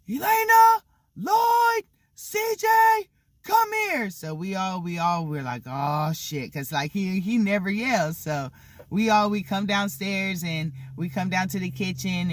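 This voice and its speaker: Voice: medium pitch, a bit bright, no room sound, clean studio sound. An adult vlogger telling a childhood story casually, rambling with lots of fillers and laughing now and then. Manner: rambling, many "like" and "you know" fillers.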